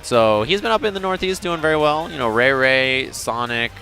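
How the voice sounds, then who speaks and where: Lively male esports commentator. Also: medium pitch, moderate pace, faint music behind. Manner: joking, excitable banter. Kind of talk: live fighting game commentary.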